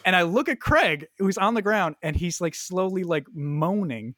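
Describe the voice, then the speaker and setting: A young man in casual chat, telling a profane, animated story full of fillers like "like" and "uh". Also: sits high, moderate pace, no room sound.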